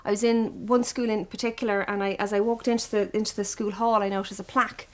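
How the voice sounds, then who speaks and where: A woman's voice: mid-range voice, quick pace. An Irish woman who teaches farm safety, talking in interviews and to schoolchildren with lots of questions. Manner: lively, talks to children with questions. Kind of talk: documentary interview and classroom talk.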